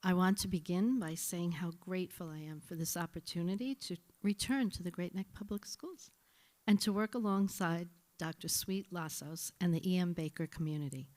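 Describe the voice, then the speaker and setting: Middle-aged new woman reading her thank-you speech, a bit nervous, lowish voice. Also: normal speed, darkish tone. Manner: formal, slightly nervous. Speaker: incoming acting assistant principal. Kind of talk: prepared speech at a school board meeting.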